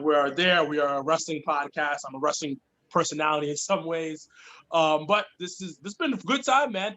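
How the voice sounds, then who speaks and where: A man's voice: on the high side, bright, forceful tone. A young man talking as a guest on a casual podcast, blunt and passionate, swearing often. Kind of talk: casual chat.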